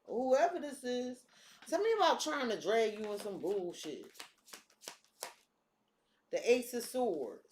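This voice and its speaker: A woman's voice: on the high side, very animated, slow pace, pauses often, a little mellow, a little hiss or hum. Blunt profane woman in an echoey room. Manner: blunt, profane, streetwise talk. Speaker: tarot reader. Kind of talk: casual tarot reading monologue.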